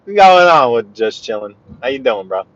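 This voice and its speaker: A man's voice: mid-range voice, sing-song, normal speed, a bit bright, highs cut off. A man giving rambling, playful commentary from inside his car while driving through the city. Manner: chatty, rambling, with frequent restarts and playful asides. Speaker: driving vlogger giving a live tour. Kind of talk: casual live-stream driving commentary.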